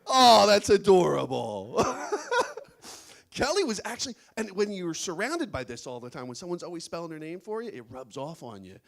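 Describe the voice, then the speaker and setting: A man performs stand-up comedy on a small studio stage to a live crowd. His voice sits high and swings widely in pitch as he chuckles through his own punchlines. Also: a little fast. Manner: animated, laughs at own jokes.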